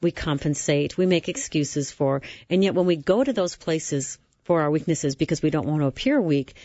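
A woman's voice: sits low, normal speed, warm tone, no room sound, highs cut off. Reflective woman hosting Christian radio. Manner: affirming, reflective, asks follow-up questions. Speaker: radio talk show host.

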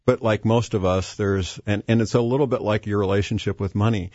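A man's voice: lowish voice, fairly even intonation, brisk, darkish tone, no echo. A man guest talking about faith in a hesitant way, with many fillers and restarts. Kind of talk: faith-based conversation. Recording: dull, dry lo-fi sound.

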